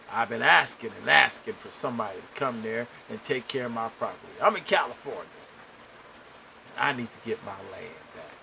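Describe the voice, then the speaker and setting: In a creaky, mid-range voice and at a fairly quick clip, a man hosting a podcast relates a long tale, animated and exasperated, talking straight to the people listening. The audio is poor, with a little hiss or hum.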